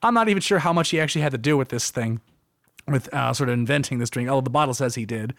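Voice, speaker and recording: A man's voice: mid-range voice, fast, dry recording. Man, young adult, self-deprecating, rambling storyteller, raised acted-out quotes, dry recording. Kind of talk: casual personal storytelling.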